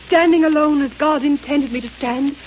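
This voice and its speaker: An actress playing a frail, bedridden wife who speaks in a dazed, halting way, in 1940s radio acting. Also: female voice, sits high, highs cut off, a little hiss or hum, close to an everyday voice. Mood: resolute. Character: frail bedridden wife finding her strength.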